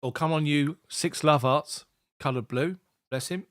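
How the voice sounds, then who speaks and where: A man's voice: a little high, unhurried, a bit bright, dry recording, studio quality. Chatty man commentating live. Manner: chatty, rambling, addresses viewers by name. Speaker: fan commentator reading live chat. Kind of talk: casual live match commentary.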